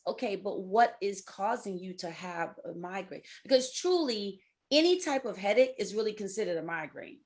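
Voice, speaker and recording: A medium-pitched, slightly mellow voice carries this middle-aged woman's expressive speech at normal speed with few pauses. As a life coach and podcast host, she gives casual advice in a coaching talk, acts out inner voices, and laughs a lot.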